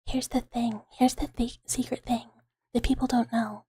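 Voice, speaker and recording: Breathy, slightly high woman for a whispered role-play, rambling and filler-heavy, close mic. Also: little pitch movement, normal speed, warm tone, no echo. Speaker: ASMR streamer.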